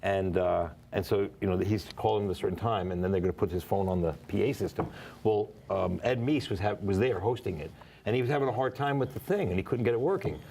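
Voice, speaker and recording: Man, low-ish voice, rapid rambling anecdotes, faint noise. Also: vocal fry, mellow. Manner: rambling anecdotes, quick laughs. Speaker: guest. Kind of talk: casual chat.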